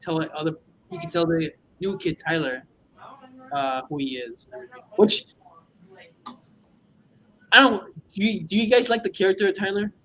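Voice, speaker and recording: High-voiced chatty man. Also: moderate pace, pauses often, bright, forceful tone, slight background noise. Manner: eager, rambling, laughs often. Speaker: podcast co-host. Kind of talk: casual movie review chat.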